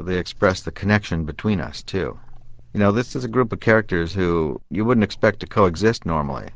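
A man's voice: sits low, gravelly, dry recording, highs cut off. A male puppeteer speaking in an interview, reflective and thoughtful.

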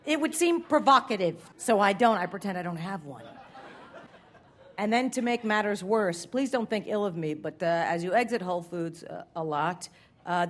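A woman's voice: mid-range voice, fairly bright tone. A woman doing a stand-up set on a stage, rambling through self-deprecating asides with mock-formal phrasing. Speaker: stand-up comedian. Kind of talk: stand-up set before a live audience. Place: live music venue stage.

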